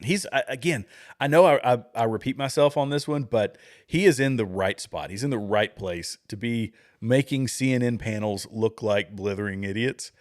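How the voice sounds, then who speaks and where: A man's voice: mid-range voice, moderate pace. A middle-aged man hosting a livestream, chatting casually with viewers, rambling and chuckling at clips. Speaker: livestream host.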